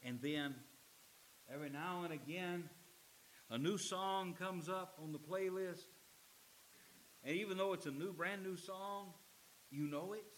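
A middle-aged man preaching a sermon as pastor. He swings from loud, emphatic lines to low, quiet ones. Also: measured pace, pauses often, a little hiss or hum, poor audio.

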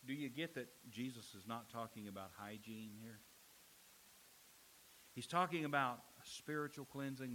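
Male pastor, emphatic sermon delivery with dramatic pauses, slightly high voice, light hiss. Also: pushed and bright, rough recording. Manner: emphatic preaching, dramatic pauses, acts out quoted lines.

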